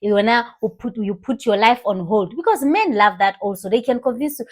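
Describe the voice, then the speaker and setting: A young woman with a South African accent giving animated, casual commentary, switching languages mid-sentence and laughing often. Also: a little high, fairly quick, hardly any pauses. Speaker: commentary vlogger.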